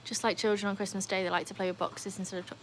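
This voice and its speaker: A young British woman hosting a live stream, chatting casually with viewers and breaking into high cheering whoops. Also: little pitch movement, racing, a little hiss or hum. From United Kingdom. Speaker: livestream host.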